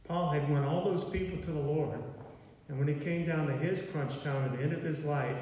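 Male preacher, mellow tone, folksy sermon delivery, distant mic in a roomy church. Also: a little high, steady tone, fairly quick. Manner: conversational, folksy with fillers like "okay" and "y'all". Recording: far from mic in an echoey hall.

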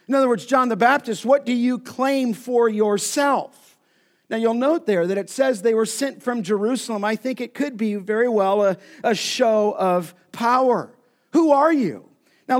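A male pastor preaching an expository sermon, slowing down to stress each scripture phrase. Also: high-pitched. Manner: emphatic, slows down to stress scripture. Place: church sanctuary.

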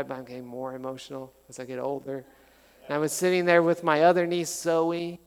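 A middle-aged male pastor delivers a sermon in a warmly conversational, animated way, slipping in light jokes and stories. His voice sits a little higher than most men's. The sound carries a long reverb from the hall around him. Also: vocal fry, clear, resonant tone. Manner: conversational, animated storytelling with humor.

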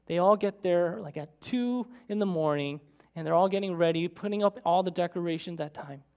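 A preacher telling a story in a sermon, with animated, dramatic storytelling. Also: mid-range voice, fairly quick, smooth.

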